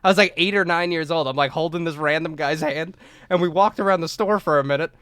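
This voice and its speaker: A man's voice: a little high, quick pace, a bit bright, clean tone, no echo, studio quality. A man co-hosting a podcast, telling a story in casual chat, acting out the quotes, swearing freely and laughing often. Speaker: podcast co-host.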